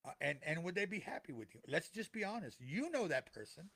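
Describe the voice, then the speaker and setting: A man's voice: fairly high pitch, big pitch swings, a little fast, a bit bright. Earnest middle-aged man preaching about grief. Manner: earnest, preachy, repeats phrases for emphasis. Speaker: podcast co-host. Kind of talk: heartfelt motivational talk.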